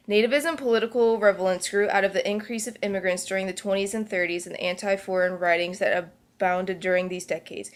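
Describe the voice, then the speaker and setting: A woman reading a history report aloud for a class project, stumbling and restarting words now and then. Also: mid-range voice. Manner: reads aloud with occasional slips and restarts. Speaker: student presenter.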